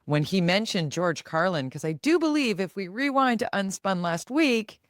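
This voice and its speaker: A woman's voice: mid-range voice, dry recording, studio quality. Chatty Canadian woman co-host. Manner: animated, quick to act out quoted voices. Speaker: podcast co-host. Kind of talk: casual chat.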